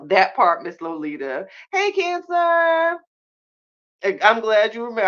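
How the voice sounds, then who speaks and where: A podcast host with a mid-range voice chats casually on a live stream, reacting to viewers with sass. She's animated, laughs often, and drops drawn-out exclamations and slangy asides, all in slightly muffled lo-fi sound.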